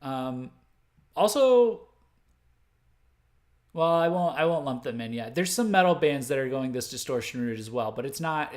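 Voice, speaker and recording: Brief: man from the States, livestream host, mid-pitched, loose and rambling, corrects himself on the fly. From United States. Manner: rambling, full of fillers and self-corrections; laughs at his own mistakes. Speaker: host of a music news livestream. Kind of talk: unscripted livestream commentary.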